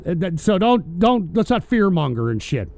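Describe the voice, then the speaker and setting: High-voiced man ranting angrily. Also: big pitch swings, moderate pace, vocal fry, a little mellow. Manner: angry, swearing, sarcastic. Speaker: host of a political call-in show. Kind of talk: profane political rant.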